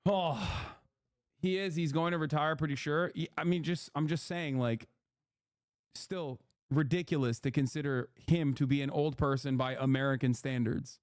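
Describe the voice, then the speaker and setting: A man's voice: on the high side, steady tone, normal speed, dry recording, clean studio sound. Brash, profane male streamer. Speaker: streamer host. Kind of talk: casual political commentary.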